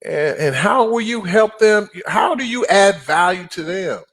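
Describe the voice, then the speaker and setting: A middle-aged man talking casually as a guest, an animated storyteller who acts out quotes and growls for emphasis. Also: high-pitched, unhurried. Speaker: guest, apartment investor. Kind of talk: casual interview talk.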